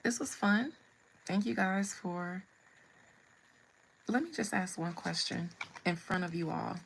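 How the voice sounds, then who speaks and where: A woman tells a personal story on a live stream. She is blunt and wry, and her voice has a gravelly, creaky edge. Faint noise hums under the recording. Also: fairly low pitch, takes it slowly, fairly bright tone, poor audio. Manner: blunt, humorous storytelling with asides. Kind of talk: casual storytelling.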